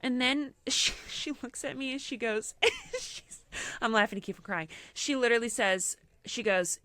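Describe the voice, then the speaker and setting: A woman's voice: fairly high pitch, moderate pace, no echo. A young woman co-hosting a podcast, telling a personal story in casual chat and acting out what people said, with lots of "like". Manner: animated storyteller acting out quotes, frequent "like". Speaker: podcast co-host.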